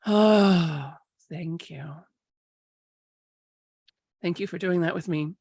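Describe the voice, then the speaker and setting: A woman coach hosting a live online workshop, her voice a little rough from a cold, chatting casually and slowing down to guide breathing. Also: fairly low pitch, a little mellow, no echo, studio quality.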